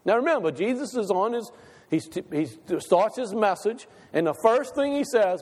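A man's voice: sits high, lively intonation, normal speed, a little mellow, in a large hall. A male pastor preaching a sermon, asking the congregation question after question and repeating phrases for emphasis. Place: church sanctuary.

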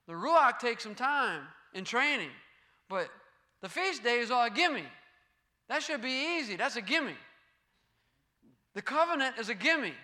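A man's voice: very high voice, sharp tone. A man preaching a sermon and reading scripture aloud. He asks his listeners rhetorical questions, repeats key phrases and uses Hebrew terms.

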